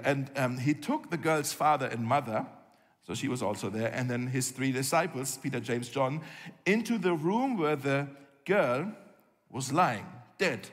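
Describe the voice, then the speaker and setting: A man's voice: mid-range voice, lively intonation, moderate pace. Man preaching in a reverberant hall. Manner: conversational storytelling, acts out quoted lines. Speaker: pastor. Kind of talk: sermon.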